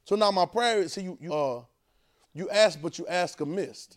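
A man preaching a sermon, urging the congregation to repeat lines after him and swinging between quiet, drawn-out talk and loud bursts. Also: sits high.

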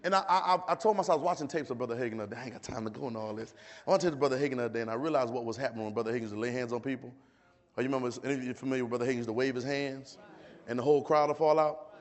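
A man's voice: medium pitch, rapid-fire. A man preaching a sermon at a church service, impassioned and repetitive, leading the congregation in call-and-response.

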